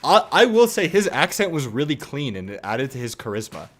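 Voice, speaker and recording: A young man at a middle pitch rambles through a casual stream chat, piling on fillers and curse words. He often breaks into laughter between his stories. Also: very animated, fairly quick, a bit bright.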